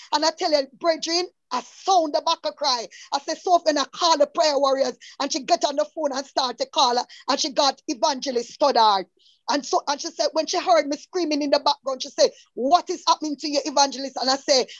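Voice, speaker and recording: A woman's voice: high-pitched, dry recording, muffled recording. Fervent Jamaican woman giving church testimony. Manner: fervent, repeats hallelujah. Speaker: testimony giver on prayer call.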